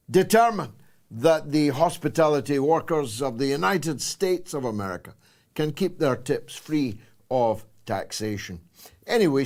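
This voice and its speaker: A Scottish man in his sixties hosting a political talk show, delivering a sarcastic, emphatic monologue with dramatic pauses. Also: on the high side. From Scotland. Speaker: host.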